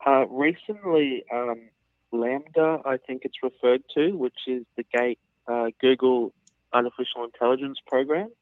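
A man's voice: medium pitch, steady tone, moderate pace, dry recording. A man with an Australian accent calling in to a radio show, asking a question politely with some hesitant fillers. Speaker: caller. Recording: tinny phone line.

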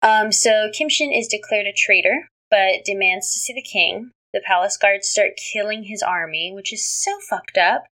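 As co-host of a laid-back podcast, a woman reads recap notes on a drama aloud and reacts candidly with short agreements, cursing here and there. Her mid-range voice comes out pushed and bright at normal speed with hardly any pauses, over poor audio.

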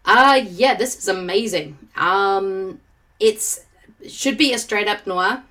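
A woman joins a film podcast while still recovering from the flu, and her voice sounds weakened. She talks enthusiastically, with quick asides and laughs. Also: medium pitch, sharp tone. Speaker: podcast guest and fellow host. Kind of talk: casual film podcast chat.

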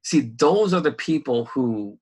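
A man in casual conversation, talking in a rambling, animated way with lots of fillers, restarts and laughs. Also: medium pitch, unhurried, slightly rough. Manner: laughs often while talking. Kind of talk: casual chat.

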